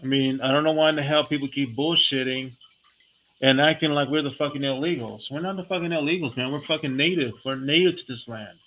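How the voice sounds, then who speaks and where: A man's voice: mid-range voice, brisk. Heated, profane man ranting. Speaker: vlogger. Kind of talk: casual monologue. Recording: dull lo-fi recording.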